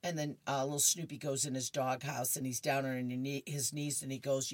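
A woman's voice: a bass voice, fairly even intonation, moderate pace, no room sound. A woman reading horoscopes and newspaper comics aloud in a chatty, amused way, adding asides and laughing between strips. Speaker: radio-style reader of horoscopes and comics.

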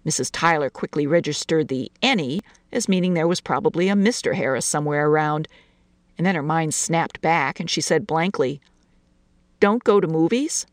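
A woman narrating a short story in an expressive, lilting reading voice. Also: deep voice, fairly quick, no room sound, clean studio sound.

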